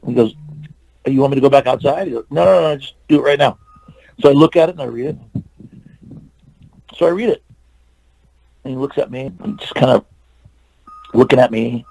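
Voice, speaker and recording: A man's voice: mid-range voice, expressive, normal speed, creaky, long pauses, warm tone, low-quality recording. A man in his sixties from California, an interview guest telling a long anecdote and acting out the dialogue, with many fillers and restarts. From California, USA.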